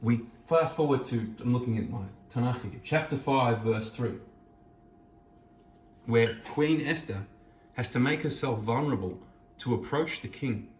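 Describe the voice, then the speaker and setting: A man's voice: mid-range voice, a little slow, slight background noise. Earnest guy teaching scripture in a kitchen, voice a bit far off, roomy echo. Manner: earnest, searching, quotes Hebrew verses. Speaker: host. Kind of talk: reflective Torah teaching. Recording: echoey room, mic at a distance.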